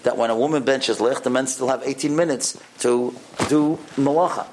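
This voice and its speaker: A man telling a story in a sermon to a congregation, animated and peppered with Hebrew and Yiddish terms. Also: medium pitch, normal speed, hardly any pauses, background noise.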